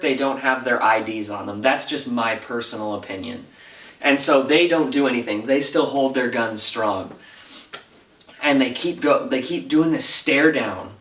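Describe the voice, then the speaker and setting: Excited man recapping a TV episode. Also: medium pitch, distant mic. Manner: animated, breathless retelling with rising intensity. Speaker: TV episode reviewer. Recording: roomy echo, voice off-mic.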